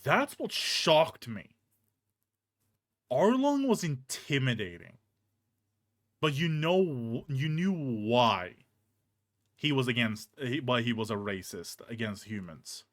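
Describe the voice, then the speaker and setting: A man's voice: mid-range voice, takes it slowly, pauses often, no echo, clean studio sound. A young man streaming, ranting casually and profanely with many restarts, in a hot room with a fan on. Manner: animated, profane, rambling with restarts.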